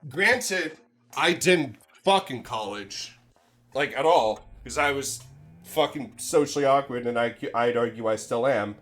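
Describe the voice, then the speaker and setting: A man's voice: medium pitch, measured pace, a bit bright, soft background music. Young male streamer, mid-range voice, casual rambling anecdote, profane and self-mocking.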